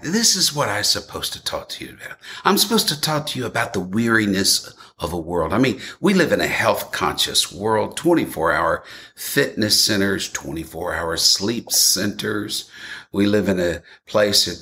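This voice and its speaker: A man delivers a sermon in an earnest, conversational way, addressing his congregation directly. His voice sits low but carries a bright, forceful edge. A faint noise runs under the recording. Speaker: pastor.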